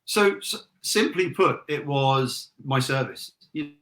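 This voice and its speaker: Measured middle-aged British man. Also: mid-range voice, lively intonation, sharp tone. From Britain. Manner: measured, hesitant restarts. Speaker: guest, army veteran. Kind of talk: interview conversation.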